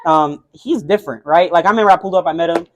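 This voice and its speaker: This is a young man with a fairly high voice, talking quickly in a casual interview. He tells his story in an animated way and plays out the voices of the people in it. He sounds like a boxer recounting a sparring session. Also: poor audio. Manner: animated, acts out quotes of others while telling a story. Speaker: boxer and guest.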